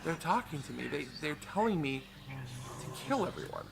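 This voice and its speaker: A man voicing a dazed teenage boy, speaking quietly and distantly in a near-whisper. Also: fairly high pitch, sing-song, normal speed, gravelly, noisy background. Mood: eerie.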